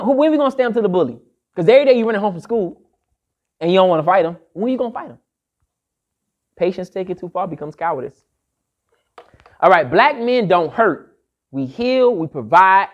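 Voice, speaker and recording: A man with a high voice lectures before a live audience, pressing his points hard and returning to key phrases like a refrain. The sound is lo-fi.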